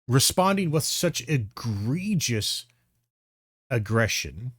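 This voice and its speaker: Streamer, man, mid pitch, dry close sound, blunt and profane, exasperated commentary. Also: very animated, takes it slowly, breathy edge, no echo. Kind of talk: reaction commentary.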